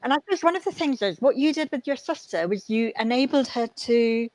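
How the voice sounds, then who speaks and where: A woman's voice: fairly high pitch, animated, a little fast, darkish tone, no room sound, rough recording. A woman guest who coaches parents, explaining her ideas in a thoughtful, casual interview.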